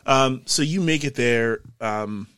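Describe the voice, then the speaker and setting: A man narrating as game master in a relaxed way, full of filler ums. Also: medium pitch, slow, smooth, no echo.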